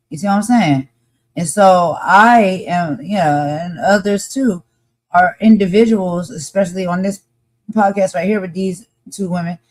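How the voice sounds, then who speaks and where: A woman's voice: on the low side, a little mellow. A woman co-hosting a live podcast discussion, talking passionately and emphatically and repeating her points for force.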